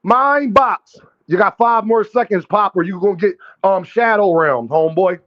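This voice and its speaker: A brash, profane man talks fast and loose on his livestream, calling out viewers and ordering people into his chat. His voice sits high for a man. The sound is dull and lo-fi, like stream audio. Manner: brash, profane trash-talking; addresses chat directly and calls out viewers. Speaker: boxing livestream host. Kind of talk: casual livestream commentary.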